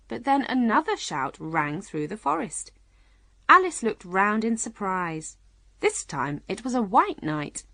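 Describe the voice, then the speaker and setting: A woman narrating a children's storybook audiobook in a clear, measured reading. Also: mid-range voice, fairly bright tone, no echo.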